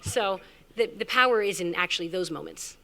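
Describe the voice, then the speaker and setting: A woman startup founder telling a candid, animated story on stage at a live event, acting out the people she quotes. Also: lowish voice, fairly quick, gravelly, very noisy. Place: event venue, amplified on stage. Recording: reverberant event hall.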